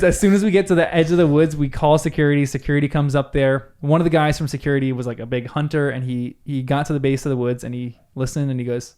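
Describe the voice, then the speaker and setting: A man's voice: a little high, steady tone, fast, few pauses, darkish tone, clean tone. A young man, a podcast co-host, telling a story in casual group chat and acting out the voices he quotes.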